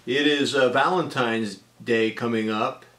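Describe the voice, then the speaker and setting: A man in his forties telling a personal story in a casual, deadpan-humorous way, with frequent ums and uhs. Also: mid-range voice, a little slow, slight background noise.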